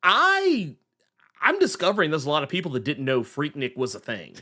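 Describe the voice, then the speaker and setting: A man hosting a podcast, reading out viewer messages in relaxed casual banter. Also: fairly high pitch, normal speed. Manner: relaxed, hesitant with fillers, reads viewer messages. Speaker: podcast host reading chat.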